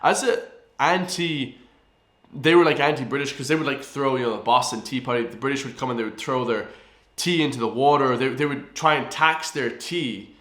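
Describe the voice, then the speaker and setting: An Irish man hosts a casual music reaction, keen and chatty, forever turning to the viewers. His voice sits at an ordinary pitch. The room around him is echoey. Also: a little fast. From Ireland. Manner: excitable, keeps addressing viewers as guys. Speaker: music reaction video host.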